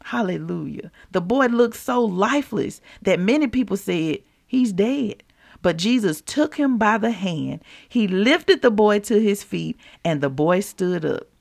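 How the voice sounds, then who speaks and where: A woman hosting a devotional show, reading scripture and teaching listeners in an animated, conversational way, calling them y'all. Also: medium pitch, a little slow, creaky. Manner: animated, laughs often, addresses listeners as y'all. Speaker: podcast host and preacher.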